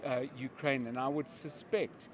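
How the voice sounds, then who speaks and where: A man giving live news commentary as a media analyst, explaining in a measured way with examples. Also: medium pitch, fairly even intonation, slight background noise.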